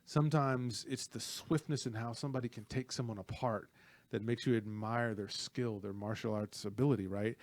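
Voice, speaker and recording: A man co-hosting a casual film talk, retelling a fight scene with lively energy and playful asides. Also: mid-range voice, moderate pace. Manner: animated storyteller, acts out movie lines. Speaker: podcast co-host.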